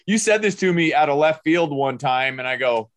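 A man's voice: fairly high pitch, expressive, normal speed, a bit bright, no room sound, clean studio sound. An older man hosting a podcast, upbeat and motivational, fond of wordplay. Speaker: podcast host. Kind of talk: casual podcast interview.

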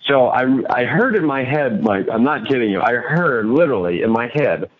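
A man's voice: mid-range voice, expressive, moderate pace, highs cut off. A man telling a story on an interview show and acting out his own lines, a coach and author as guest.

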